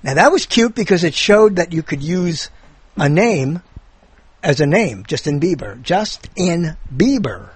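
A man's voice: fairly high pitch, expressive, slightly rough, no room sound. A man in casual chat, telling pun riddles with lots of laughter and restarts. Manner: giggly, halting, keeps restarting his riddles.

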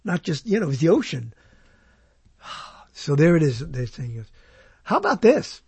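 A man co-hosting a talk show, chatting casually in an excitable, animated way with frequent laughter. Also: a little high, moderate pace, vocal fry, husky, no room sound. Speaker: podcast co-host. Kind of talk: casual banter.

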